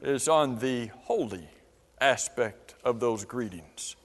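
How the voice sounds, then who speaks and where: A man's voice: medium pitch, animated, takes it slowly. A man teaching a church Bible class, asking the class question after question. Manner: asks the class many questions. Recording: long reverb of a church hall.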